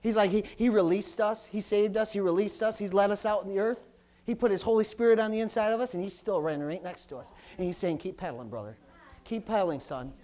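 A middle-aged man, preaching a sermon with call-and-response, repeated hallelujahs, and swings from loud exclamations to soft asides. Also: sits high, quick pace.

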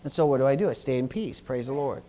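Speaking fast in a medium-pitched voice, a middle-aged male pastor preaches a sermon. He frequently stumbles and repeats himself, veering between loud bursts and quiet asides.

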